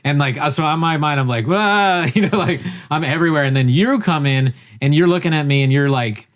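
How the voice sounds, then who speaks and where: A man's voice: on the high side, fast talker. A man telling a rambling story in casual podcast chat, swearing and acting out what people said. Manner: rambling, animated, swears, acts out quotes.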